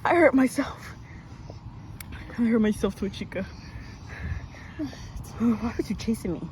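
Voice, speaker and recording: A woman's voice: fairly high pitch, expressive, unhurried, darkish tone, a little hiss or hum, low-quality recording. A woman giving playful, dramatic commentary on a game video, giggling, squealing and bossing her friend around. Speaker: gaming video creator.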